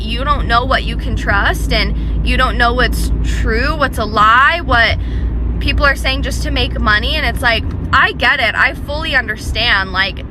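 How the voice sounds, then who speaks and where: A woman vlogging from her car in traffic, venting with heavy swearing and lots of filler words. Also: a little high. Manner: frustrated, swears often, many fillers. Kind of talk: venting rant to camera. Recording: car and traffic noise behind.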